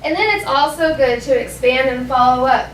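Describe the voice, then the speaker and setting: Woman teacher, high voice, models phrases slow for the kids to echo, sounds far off from the mic. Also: slight background noise. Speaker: elementary school teacher. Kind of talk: classroom language lesson. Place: classroom. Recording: echoey classroom from far off.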